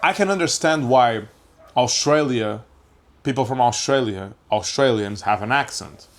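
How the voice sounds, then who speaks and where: A man from Portugal talks through a loose comedic podcast monologue at a middling pitch. He rambles, breaks off his own sentences and restarts them, and swears in passing. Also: measured pace. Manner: rambling, self-interrupting, swears casually. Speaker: podcast host.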